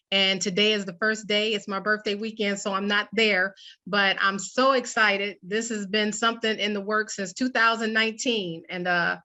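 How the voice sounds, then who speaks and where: A woman who works as a paraeducator, speaking on a panel in a heartfelt, emotional way with quick bursts. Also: medium pitch, bright, forceful tone. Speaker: paraeducator and program founder panelist. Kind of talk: casual panel talk.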